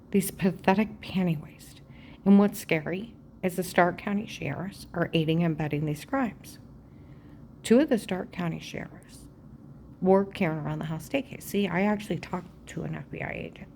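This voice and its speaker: A woman talking straight at the camera in a rambling personal monologue, agitated and aggrieved, jumping from claim to claim and often dropping to a hushed, half-whispered voice. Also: fairly low pitch, moderate pace, vocal fry, slight background noise. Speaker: vlogger.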